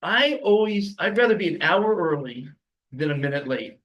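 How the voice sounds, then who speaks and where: A man's voice: on the high side, animated, normal speed, lo-fi sound. A man from Los Angeles hosting a podcast, giving a rambling, emphatic motivational monologue with chuckling asides. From Los Angeles, USA. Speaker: podcast host.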